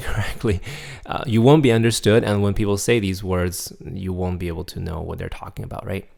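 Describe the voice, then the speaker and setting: A man teaching a recorded pronunciation lesson, drilling syllables clearly and patiently checking in with his students. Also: fairly low pitch, darkish tone. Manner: patient, checks in often with "right?" and "okay?". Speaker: language teacher.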